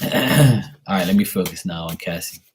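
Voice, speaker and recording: A man hosting a casual livestream, joking crudely and streetwise, then doing psychic readings for viewers, often trailing into hushed asides. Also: low voice, level tone, fast talker, slight background noise. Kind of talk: casual live-stream chat.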